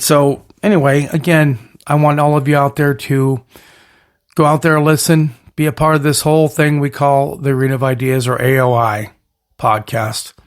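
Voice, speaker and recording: Rambling, hyped-up male podcast host. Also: mid-range voice. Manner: rambling, energetic hype with catchphrase lists. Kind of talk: casual podcast monologue.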